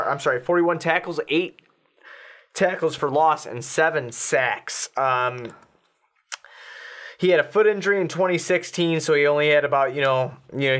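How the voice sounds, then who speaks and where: A man co-hosting a sports podcast, talking in an excited, casual and slangy way. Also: on the high side. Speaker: podcast co-host.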